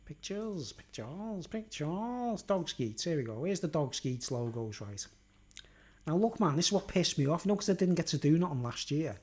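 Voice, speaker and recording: A man talks to his viewers in a loose, rambling vlog monologue, peppered with swearing and filler words. His voice sits a touch higher than most men's. The delivery is casual and unscripted. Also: expressive, brisk, a little mellow, breathy edge. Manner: casual, rambling and sweary, full of "like" and "you know". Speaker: YouTuber.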